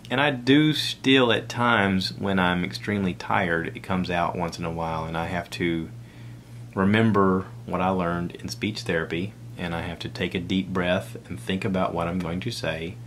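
Deep-voiced Southern American man rambling casually. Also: a bit bright, a little hiss or hum. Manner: rambling, conversational, self-deprecating asides. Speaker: podcast host. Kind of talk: casual solo podcast talk.

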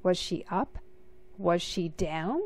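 A woman reading a children's picture book aloud, slow and expressive. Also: on the low side, no room sound. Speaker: storybook reader.

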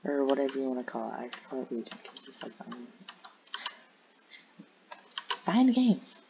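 Here the commentator has a mid-range voice with big pitch swings and vocal fry, talking at a moderate pace while muttering and rambling through game server listings. The home headset or desk mic sounds dull and lo-fi, with a faint hiss.

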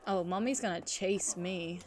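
A woman's voice: lowish voice, measured pace, crowd noise. A woman streaming a game, talking through it in a jumpy, panicky way, swearing and chatting with her viewers. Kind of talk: live gameplay commentary. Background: game music.

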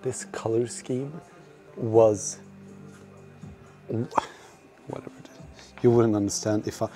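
Male streamer at the gym, slow and mellow delivery, swears freely, mocks himself, faint music behind. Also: fairly low pitch, fairly even intonation. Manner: profane, self-mocking banter with chat. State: out of breath at times. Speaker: livestreamer. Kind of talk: casual livestream chat while working out.

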